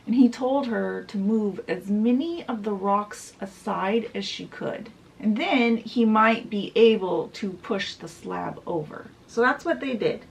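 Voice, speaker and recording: A woman's voice: mid-range voice, animated, unhurried, vocal fry, hardly any pauses, far from the mic. A woman vlogger retelling a fairy tale in a casual, chatty way, full of "she's like" asides. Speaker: book vlogger. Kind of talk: casual storybook summary.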